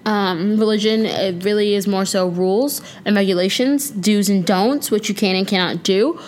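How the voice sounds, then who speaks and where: A woman's voice: mid-range voice, normal speed, darkish tone, a little hiss or hum. A young woman hosting a casual solo podcast, chatting playfully with slang and now and then breaking into song. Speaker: podcast host.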